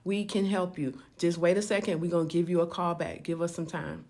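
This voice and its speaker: A woman voicing an adoption agency worker on the phone, speaking slowly in a soothing, matter-of-fact way. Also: lowish voice, little pitch movement, a little mellow, pitched below the performer's own voice, close to an everyday voice. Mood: calm.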